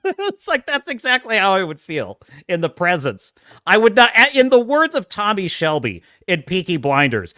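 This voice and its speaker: A man's voice: high-pitched, huge pitch swings, normal speed, sharp tone, dry recording, studio quality. A man hosting a podcast, reacting to video clips with sarcastic, exasperated ranting and frequent laughter.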